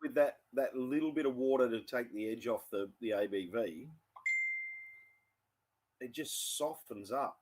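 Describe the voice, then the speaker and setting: A man's voice: mid-range voice, measured pace, long pauses, a little mellow, slight background noise. An Australian man co-hosting a casual whisky tasting chat, thoughtful and trailing off mid-sentence. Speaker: whisky show co-host.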